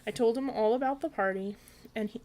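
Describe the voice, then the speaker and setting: A woman's voice: a little high, fairly quick, darkish tone, poor audio. Woman reading a bedtime story.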